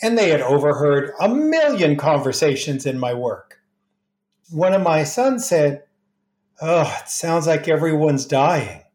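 Man, middle-aged, slow storyteller, gentle, roomy echo. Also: fairly high pitch, very animated. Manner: gentle, unhurried anecdotes with quoted dialogue. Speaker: grief expert guest. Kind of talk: storytelling in conversation.

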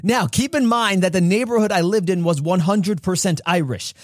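Male host, personal storytelling monologue, slightly high voice, dry close sound, emphatic. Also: normal speed, no echo. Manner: emphatic, acts out childhood dialogue with rising pitch. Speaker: podcast host.

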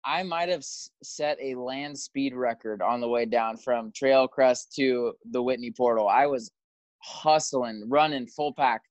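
A man's voice: medium pitch, unhurried, dry recording. A man guesting on a podcast, chatting casually with wry, self-deprecating humor. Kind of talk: casual chat. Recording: dull, dry lo-fi sound.

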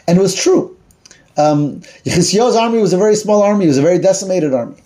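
Male teacher, high and mellow voice, chatty Bible storytelling, searches aloud for words. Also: lively intonation, fast. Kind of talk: retelling a Bible story in a class.

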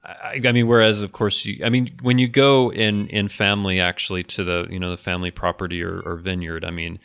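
A man's voice: low-pitched, flat delivery, a little fast, vocal fry, fairly bright tone, clean tone. A man co-hosting a podcast, talking casually and thoughtfully, with frequent restarts and light laughter. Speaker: podcast co-host. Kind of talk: casual discussion.

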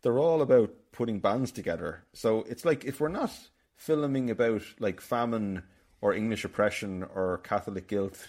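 A fairly low, slightly mellow voice at normal speed belongs to an Irish podcast host discussing films casually. He rambles and tells stories, frequently starting sentences over.

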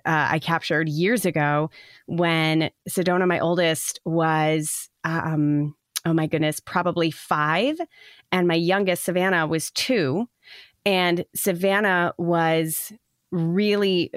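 A woman's voice: on the low side, no echo. Chatty mother telling stories, dry. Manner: chatty storytelling with many fillers. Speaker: podcast guest. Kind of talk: casual chat.

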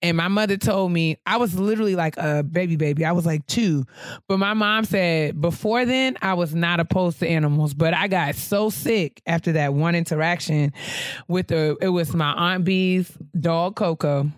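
A woman co-hosting a podcast in casual chat, telling a story with lively asides and acted-out voices. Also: fairly low pitch, moderate pace, no room sound. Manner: animated storyteller, acts out quoted voices. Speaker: podcast co-host.

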